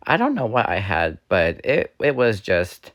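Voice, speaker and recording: A man with a slightly raspy voice, recovering from illness, rambling a little as he narrates his store walkthrough video. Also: fairly low pitch, sing-song, a little slow, fairly bright tone, no room sound, dull audio. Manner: rambling, with fillers and restarts. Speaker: YouTuber. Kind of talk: casual voice-over for a store walkthrough.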